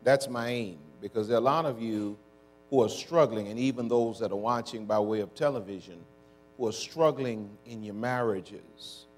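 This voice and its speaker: A male pastor delivers a sermon in a relaxed conversational way, prompting the congregation to answer back. His talk is folksy and down-home, full of y'all and ain't. Faint music sits beneath his voice in the church. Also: on the low side, moderate pace. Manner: call-and-response with congregation.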